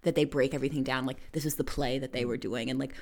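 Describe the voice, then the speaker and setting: A woman's voice: rumbling low, steady tone, quick pace, vocal fry, darkish tone. A woman talking as a podcast guest in casual chat, enthusiastic and full of "like" fillers.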